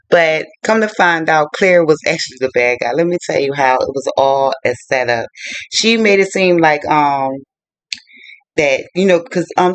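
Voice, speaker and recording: A man retelling a book's plot in a lively, colloquial way for a casual review. His voice sits somewhat high. The sound is dry and close, with no room around it. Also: no echo. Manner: animated colloquial storytelling. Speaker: book reviewer.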